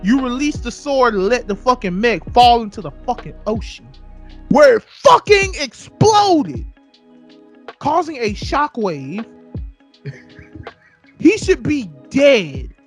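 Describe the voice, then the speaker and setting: This is a man speaking in a heated, profanity-laced podcast rant. He takes his time, and his pitch swings widely as he hammers each point again and again. Faint music plays underneath. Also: lively intonation, a little slow. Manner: heated, profane, repetitive ranting. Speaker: podcast co-host.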